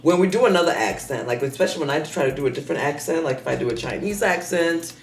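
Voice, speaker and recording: A woman comedian and mother in casual interview chat, an animated, profane storyteller who slips into put-on voices. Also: sits low, fast talker, distant mic. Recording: roomy room with faint music.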